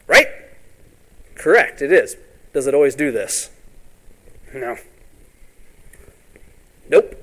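A man preaching a sermon in a folksy way, often asking "all right?" and acting out Bible scenes in quick voices. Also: on the high side, fairly bright tone. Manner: ends points with "all right?".

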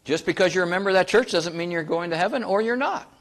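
A man's voice: sits high, fast talker. A man preaching a sermon in a folksy, conversational way, asking the congregation questions and joking with them. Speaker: pastor.

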